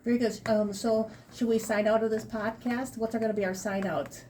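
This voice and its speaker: A middle-aged woman chatting on a casual podcast, telling a story and quoting people in lively voices. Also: on the high side, moderate pace, a little hiss or hum. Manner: animated storytelling, quotes others in lively voices. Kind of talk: casual school podcast chat.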